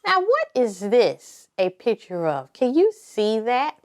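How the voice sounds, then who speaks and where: A woman leading a preschool circle time lesson, talking slowly and encouragingly and spelling words out letter by letter. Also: on the high side, huge pitch swings, a little mellow. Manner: slow, sing-song and encouraging, spelling letter by letter. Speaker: preschool teacher.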